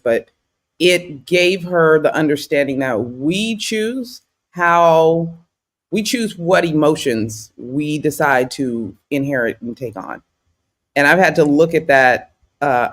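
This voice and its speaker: A woman hosting a podcast, chatting casually and telling playful stories. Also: low-pitched. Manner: lively, playful storyteller. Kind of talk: casual chat.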